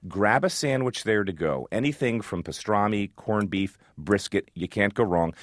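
A man's voice: fairly low pitch, normal speed, no echo. A man who hosts a food radio show, chatting casually and enthusiastically as a guest, with frequent restarts.

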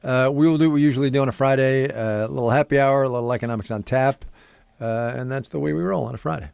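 A middle-aged man co-hosting a podcast in relaxed, chatty talk with plenty of fillers. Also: mid-range voice, fast, gravelly, clear, resonant tone, no echo. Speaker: podcast co-host. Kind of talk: casual chat.

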